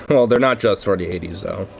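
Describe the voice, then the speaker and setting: Low-voiced man rambling casually, cursing. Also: moderate pace, vocal fry, a little hiss or hum. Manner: rambling, profane, with laughs and many fillers. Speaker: vlogger. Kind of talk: casual rambling vlog chat.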